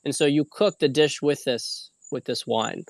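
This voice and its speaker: A man's voice: mid-range voice, normal speed, vocal fry, no room sound. A man hosting a casual livestream, rambling loosely with frequent fillers and the odd swear word. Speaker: host.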